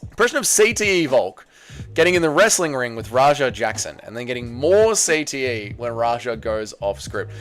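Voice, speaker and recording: A man's voice: mid-range voice, big pitch swings, moderate pace, fairly bright tone, soft background music. A man hosting a casual livestream, reading chat messages and answering in a blunt, jokey way. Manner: blunt, jokey, bouncy delivery. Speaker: livestream host.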